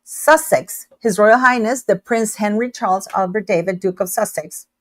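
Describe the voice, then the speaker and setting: Loud, emphatic woman hosting a live chat. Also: medium pitch, moderate pace, dry recording. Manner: talkative, emphatic, speaks loudly on purpose. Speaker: livestream host. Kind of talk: casual live chat commentary.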